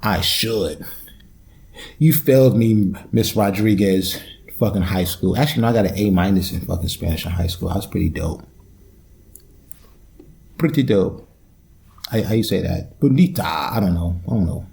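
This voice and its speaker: A young man hosts his own podcast alone, riffing from one gripe to the next with plenty of cursing and joking asides. His voice sits low and has a dark, mellow tone. He talks like he's unwinding in casual conversation, doubling back and trailing off. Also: moderate pace, gravelly, pauses often. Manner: rambling, profane, loose and joking. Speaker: podcast host. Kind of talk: solo podcast rant.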